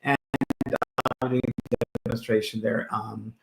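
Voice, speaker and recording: A man, a medium co-hosting a casual chat, telling animated, jokey stories. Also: on the low side, measured pace, creaky, roomy sound, noisy background. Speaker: medium and show co-host.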